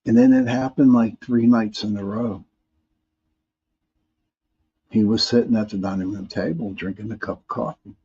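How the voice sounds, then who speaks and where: A man's voice: lowish voice, fairly even intonation, normal speed, long pauses, dark tone, lo-fi sound, a little hiss or hum. A man hosting a live paranormal talk stream, reading viewer comments in a rambling way, often restarting and repeating words.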